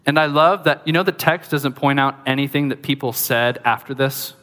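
A man preaching a sermon as pastor, lively and conversational, with joking asides to the congregation. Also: medium pitch, normal speed, long reverb tail.

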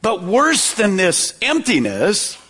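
A male pastor delivers a sermon in a high, bright, forceful voice. He preaches dramatically, dropping low and slowing down for emphasis, repeating words and firing questions at the congregation. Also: huge pitch swings, breathy edge. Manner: dramatic preaching with wide swings in pitch and pace.

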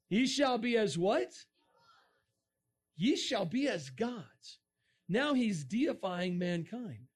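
High-voiced, animated male preacher. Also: slow pace, long pauses. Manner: energetic, dramatic, bursts into shouts and sound effects. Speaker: speaker addressing young people. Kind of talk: animated sermon talk.

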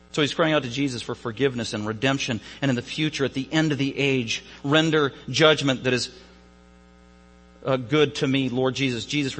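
A man's voice: mid-range voice, fairly bright tone, slightly rough, in a large hall, low-quality recording. A man preaching an Easter sermon as a pastor, emphatic and repeating phrases for stress.

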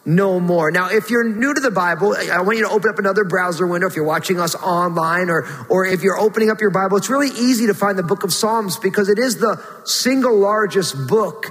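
Man, pastor, earnest sermon, high voice, long hall reverb. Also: a little fast, few pauses, fairly bright tone. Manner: earnest preaching, rising to a pleading pitch when voicing prayers.

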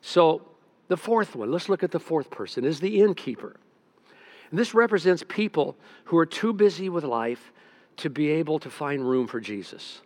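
An older man, a pastor, preaching a sermon in a folksy storytelling way, dropping soft and then rising emphatic. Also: on the high side, animated, normal speed.

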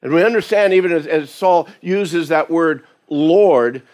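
A man's voice: on the high side, a little slow, a little mellow. Man preaching in a conversational sermon. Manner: conversational preaching, acting out quoted voices with restarts. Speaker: pastor.

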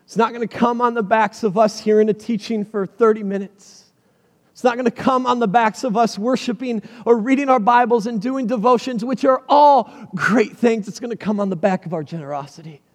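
High-voiced energetic preacher in a reverberant hall. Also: male voice, moderate pace. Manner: energetic, animated preaching with rhetorical questions. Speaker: pastor. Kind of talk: sermon. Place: church stage before a congregation.

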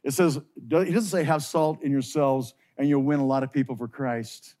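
A pastor preaching a sermon to his congregation, slowing down and stressing key phrases with passion. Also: medium pitch, steady tone, mellow.

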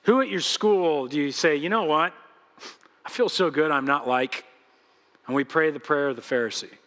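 A man's voice: sits high, fairly bright tone, big-room sound. A man preaching a sermon as pastor, earnest and pleading as he speaks straight to his congregation. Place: church sanctuary.

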